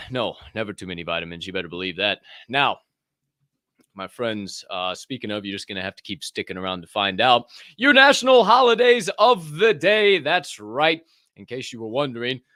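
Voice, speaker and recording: A man's voice: mid-range voice, no room sound. Young man, live-stream host, casual, profane, jokey, dry close sound. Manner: rambling, profane, jokey and excitable. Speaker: podcast host.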